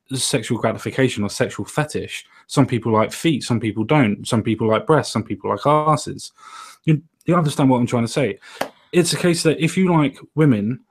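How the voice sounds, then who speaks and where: Earnest man explaining at length. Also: mid-range voice. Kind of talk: casual chat.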